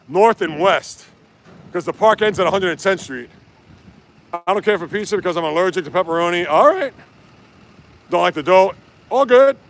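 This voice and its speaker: Running through city streets with his phone in hand, this livestream host talks casually and responds to one viewer comment after another, reading them aloud. His voice sits high for a man, gravelly with a frying edge and a bit bright.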